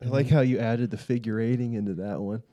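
A man's voice: mid-range voice, fairly even intonation, quick pace, warm tone, dry recording, clean studio sound. A man co-hosting a fishing podcast, laughing often and recounting fishing moments step by step. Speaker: podcast co-host. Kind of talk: casual fishing chat.

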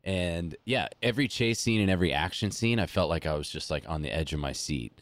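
A young man with a very low voice talks as a podcast guest, rambling loosely and leaning on fillers. His voice sits close and dry on the mic, with no room around it. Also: lively intonation, a little fast, no echo. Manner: rambling, filler-heavy, acts out quotes. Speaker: podcast guest, musician and surfer. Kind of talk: casual chat.

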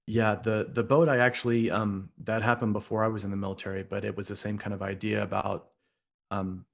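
A lowish, fairly quick voice with vocal fry and a flat delivery belongs to a podcast guest from Oklahoma in the US Midwest. An author and speaker, he tells a story in conversation in an earnest, vivid manner.

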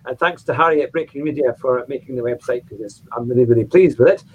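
A man hosting a casual online show, chatty and relaxed, often saying "aye". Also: medium pitch, fast talker, slightly rough. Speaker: podcast host. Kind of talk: casual chat. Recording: dull lo-fi sound.

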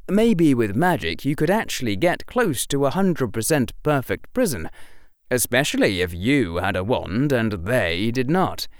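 A male narrator reading a story at an unhurried, deliberate pace, his tone rising and falling expressively. The voice carries a gravelly texture and is recorded dry and close. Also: mid-range voice, no echo. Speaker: audiobook narrator. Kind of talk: fan fiction audiobook narration.

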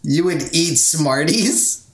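A man's voice: fairly high pitch, animated, slow, reverberant, background noise. A man in casual banter, teasing and blunt with his co-host.

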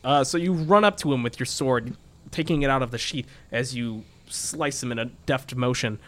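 A man's voice: mid-range voice, normal speed. A man running a tabletop role-playing game as game master, narrating the scene in a loose, chatty way.

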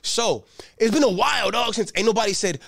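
A young man doing a profane, streetwise stand-up routine and breaking into shouted bursts. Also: high-pitched, fairly quick, creaky, no echo, clean studio sound. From Los Angeles. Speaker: stand-up comedian.

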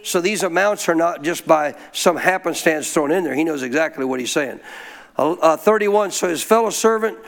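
A man teaching scripture in a folksy, informal way, prompting listeners to answer him out loud. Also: a little high, normal speed, gravelly. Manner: call-and-response, prompts listeners to answer aloud. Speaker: Bible teacher. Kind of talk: interactive Bible teaching.

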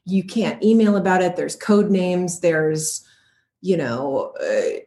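A middle-aged woman, a voice actor, chatting casually in an interview with frequent laughs and quick asides. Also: fairly low pitch, animated, warm tone. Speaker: voice and motion capture actor, guest.

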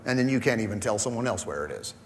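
A man's voice: fairly low pitch, lively intonation, fast, long reverb tail, slight background noise. A man preaching a conversational sermon as pastor, acting out quoted voices as he goes. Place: church hall.

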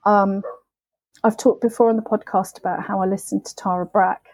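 A woman on a podcast, telling her sobriety story in a candid, emotional, halting way. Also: medium pitch, steady tone, a little mellow, slightly rough, no echo, low-quality recording. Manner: emotional, halting, with frequent restarts and swearing.

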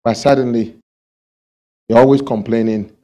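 A man's voice: medium pitch, steady tone, normal speed, mellow. A male pastor preaching a sermon, asking the congregation questions and acting out everyday quarrels.

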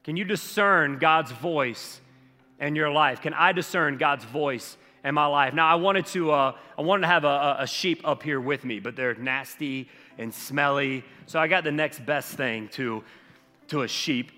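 Bright-voiced pastor preaching in a hall. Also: male voice, fairly high pitch, a little slow, faint music behind. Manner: conversational preaching, animated and emphatic. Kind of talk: sermon.

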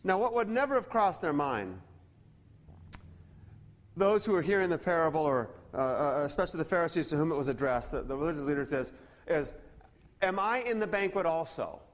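A man's voice: fairly high pitch, animated, a little fast. A man preaching a sermon, reading scripture aloud and often restarting his words. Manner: earnest preaching, frequent stammered restarts, reads scripture aloud. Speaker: pastor.

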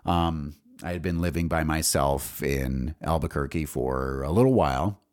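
A man's voice: rumbling low, moderate pace, darkish tone. A man in his forties hosting a podcast, telling a personal story in a rambling way full of fillers and restarts. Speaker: podcast host.

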